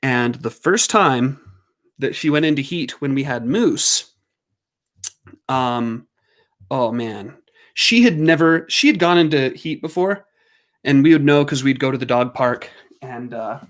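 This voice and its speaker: A man hosting a livestream, telling a casual story at home in an animated way, laughing and doing squeaky voices for his dogs. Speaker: livestream host.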